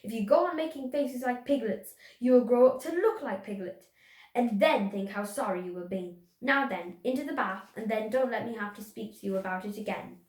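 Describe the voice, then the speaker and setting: A woman's voice: a little high, moderate pace, natural voice. A woman voicing a cheerful, firmly motherly female kangaroo, heard with a roomy echo.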